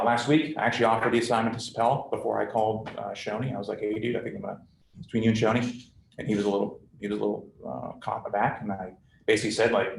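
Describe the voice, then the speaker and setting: A man's voice: on the low side, gravelly, roomy sound, a little hiss or hum, low-quality recording. A man, a squadron commander, talking candidly and bluntly to his officers in a casual, jargon-filled way. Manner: blunt, conversational, full of military jargon and fillers.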